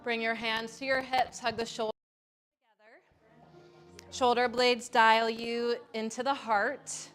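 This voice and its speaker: A woman teaching a live yoga class in a studio, giving calm step-by-step cues with casual asides. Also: fairly high pitch, takes it slowly, pauses often, faint music behind. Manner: calm cueing with chanted Sanskrit and casual asides.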